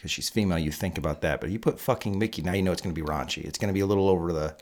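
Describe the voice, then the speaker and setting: A man co-hosting a casual podcast, ranting loudly and crudely about movie franchises. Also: deep voice, very fast. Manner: loud, heated, crude ranting. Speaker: podcast co-host.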